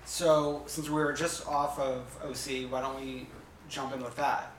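A man's voice: medium pitch, level tone, a little slow. A man co-hosting a podcast, chatting casually and easygoing. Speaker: podcast co-host. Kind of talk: casual chat. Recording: echoey room, mic at a distance, faint noise.

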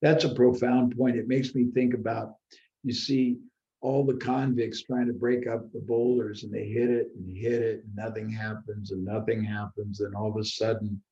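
A man's voice: mid-range voice, steady tone, normal speed, dark tone, muffled recording. A middle-aged man, a business owner and former seminar leader, talking reflectively in a casual conversation and repeating his points for emphasis. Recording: roomy echo.

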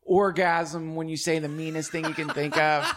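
Male podcast host, slightly higher pitch, loose and animated, swears and laughs a lot. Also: vocal fry. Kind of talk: casual conversation.

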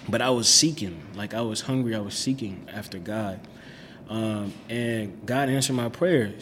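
A man's voice: on the low side, long reverb tail, slight background noise. A young man telling his faith story in a casual, slangy way, full of "like" and "bro". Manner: slangy, laid-back, lots of "like" and "bro".

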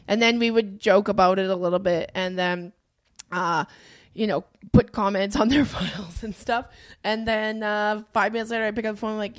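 A woman's voice: medium pitch, fairly quick. A woman co-hosting a comedy podcast, chatting animatedly, laughing often and swearing casually. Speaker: podcast co-host.

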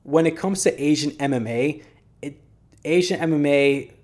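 A man's voice: on the high side, normal speed, darkish tone. A man hosting a solo podcast, giving blunt, profane, rambling opinions in casual talk. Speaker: podcast host.

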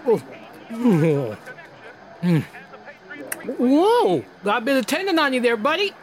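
A man plays a rambling interrogator whose voice sits high and swoops wildly, lurching from giddy excitement to low, quiet threat. He teases and mocks, a menacing figure in a film drama. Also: a little slow, heavily acted. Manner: rambling, teasing, sudden swings between loud excitement and quiet menace. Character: menacing, overweight male interrogator, probing and mocking.

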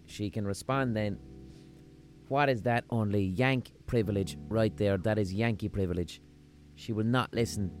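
A man with a Limerick Irish accent hosting a podcast, rambling through a casual comic monologue in a profane, deadpan-humorous way. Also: mid-range voice. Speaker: podcast host.

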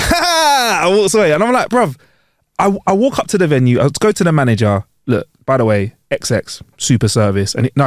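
Animated man telling a story. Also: mid-range voice, dry recording, clean studio sound. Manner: animated storytelling, acts out dialogue, laughs often. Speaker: podcast co-host. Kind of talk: casual chat.

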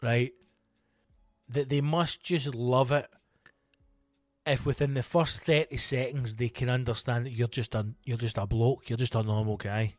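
A middle-aged Scottish man, a comedian hosting his own show, telling rambling, sweary stories in a casual, animated way. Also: medium pitch, unhurried, no echo. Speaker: comedian podcast host. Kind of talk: casual comic storytelling.

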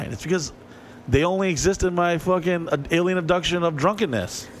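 A man's voice: a little high, quick pace. Rambling man on a podcast, faint hiss. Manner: rambling, profane, lots of fillers and dry asides. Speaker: podcast co-host. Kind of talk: casual chat.

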